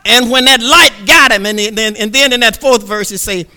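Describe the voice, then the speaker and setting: A man preaching a sermon, swinging from hushed murmurs to shouts and repeating words as he builds. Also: extremely high pitch, normal speed.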